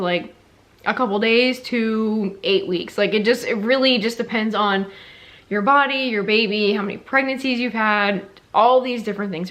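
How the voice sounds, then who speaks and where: A woman's voice: medium pitch, fairly bright tone. A young woman who is heavily pregnant, chatting casually in a rambling vlog update, full of fillers. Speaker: vlogger, stay-at-home mom.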